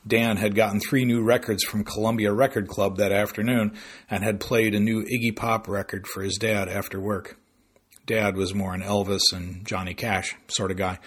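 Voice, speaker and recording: A man reading a novel aloud as narrator in a dry, unhurried way. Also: fairly low pitch, level tone, breathy edge. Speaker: audiobook narrator. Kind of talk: scripted narration.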